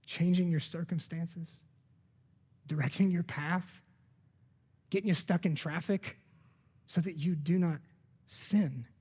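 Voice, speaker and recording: A man's voice: on the high side, fairly even intonation, takes it slowly, pauses often, mellow, husky. A man, preaching a sermon as pastor in an earnest, conversational way with self-corrections. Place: church sanctuary. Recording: long hall reverb of a church.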